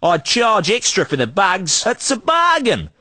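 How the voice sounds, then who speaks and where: A brash Australian market hustler in a video game, a high and bouncy voice that swings all over, a husky edge, pitching junk with chummy patter. The read is dry and close. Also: male voice, wildly swooping pitch, measured pace, bright, forceful tone, dry recording, exaggerated voice. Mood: hustling. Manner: chummy salesman patter, calls everyone mate. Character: pushy male outback street trader, cheerful huckster.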